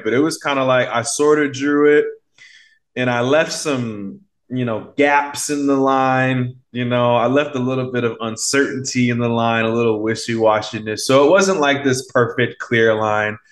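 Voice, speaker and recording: A man's voice: mid-range voice, normal speed, fairly bright tone. A man guesting on a podcast as a mindset coach, telling a story in a loose, rambling way with lots of fillers and acted-out quotes. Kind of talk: casual conversational storytelling.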